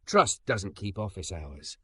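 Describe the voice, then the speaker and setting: A man voicing a calm, patient male teacher who speaks gently and steadily. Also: slow pace, breathy edge, no echo, full character voice. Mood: gentle. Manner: gentle, steady, low-key.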